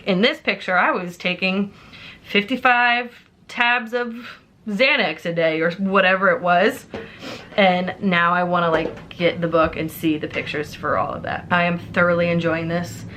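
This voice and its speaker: A woman's voice: fairly low pitch, sharp tone. A woman in her twenties, a book vlogger, ranting casually and heartfelt with lots of "like" and emphatic asides. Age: 20s. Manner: heartfelt, emphatic, heavy use of "like". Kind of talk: casual chatty rant.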